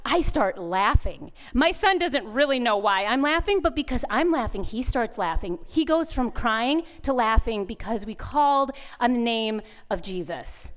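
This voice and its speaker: A woman in her thirties speaking at a retreat, telling a lively story as a sermon and acting out voices in the quotes. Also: on the high side, moderate pace, hardly any pauses.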